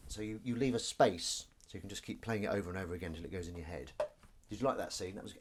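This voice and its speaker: A man's voice: on the low side, fast, darkish tone, slightly rough. A middle-aged man, chatting casually on a live stream while washing up, reading comments aloud and laughing along. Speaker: live stream host and actor.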